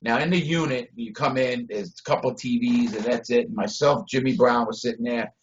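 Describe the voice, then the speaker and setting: A blunt, foul-mouthed man talks over a video call in a mid-pitched voice. He swings between loud bursts and low mutters. The call audio is dull and lo-fi. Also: fairly quick. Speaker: interview guest.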